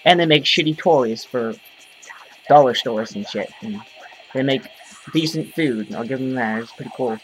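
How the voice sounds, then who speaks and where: A man's voice: medium pitch, normal speed, rough recording. A man talking straight to his camera in a casual rant, rambling and profane, full of fillers. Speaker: vlogger. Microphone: camera mic.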